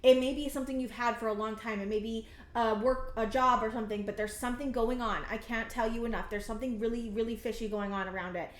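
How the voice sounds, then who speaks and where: A woman in her thirties giving a tarot reading, talking in a halting, rambling, earnest way full of fillers and restarts, emotionally intense. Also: on the high side, fairly even intonation, roomy sound. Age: 30s. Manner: emotionally intense, close to tears at times. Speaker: tarot reader. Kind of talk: pick-a-card tarot reading.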